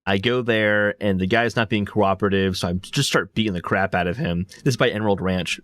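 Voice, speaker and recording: A man's voice: fairly low pitch, fairly quick, fairly bright tone, no room sound. A man co-hosting a casual gaming podcast, telling stories in a rambling, enthusiastic way. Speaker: podcast co-host.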